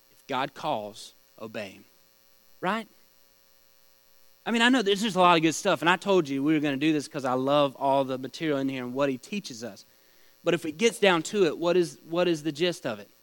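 In a rough recording with no room sound, a man with a fairly high, somewhat bright voice guides a small-group Bible study. He teaches conversationally, asks the group questions, and tells stories.

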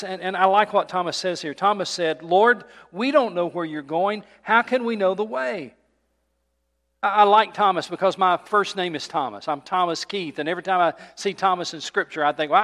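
A pastor preaches a sermon conversationally in the church sanctuary, frequently asking his listeners questions. He has a high, fairly bright voice, and the sound carries a long reverb tail.

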